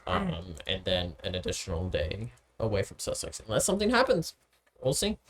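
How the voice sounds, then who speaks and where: A man's voice: low voice, huge pitch swings, normal speed, a bit bright. Hesitant male game master. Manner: casual, hesitant narration with many ums and uhs. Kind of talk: narrating a tabletop game.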